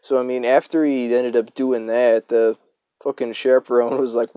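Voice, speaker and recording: A man's voice: medium pitch, level tone, normal speed, clean tone, dry recording, highs cut off. A young man telling a casual storytime, rambling and swearing with lots of fillers. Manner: rambling, profane, filler-heavy.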